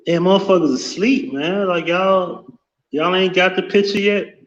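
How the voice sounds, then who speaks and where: A man's voice: sits high, normal speed. A man hosting a casual live stream from his office, cursing freely and greeting chat viewers as he talks. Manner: profane, loose and talkative, greeting chat viewers. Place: home office. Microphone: without headset, room mic. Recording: echoey room, dull lo-fi sound.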